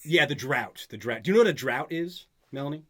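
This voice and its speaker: A man's voice: mid-range voice, expressive, a little fast, a bit bright, husky. A man tutoring a student in grammar in a casual back-and-forth, often checking that she follows. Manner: patient, checks for understanding often. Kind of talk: conversational tutoring session.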